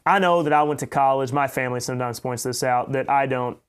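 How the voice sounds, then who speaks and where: A man with a light Oklahoma accent delivers a blunt, opinionated podcast monologue. He enunciates his words carefully, and his voice sits at an ordinary middle pitch. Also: fast, clean tone. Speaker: podcast host. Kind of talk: commentary monologue.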